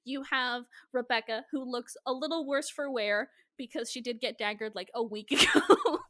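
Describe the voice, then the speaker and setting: Bright-voiced woman recapping a show. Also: a little high, normal speed, no room sound, clean studio sound. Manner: animated, profane, laughs often. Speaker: podcast co-host. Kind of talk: casual recap chat.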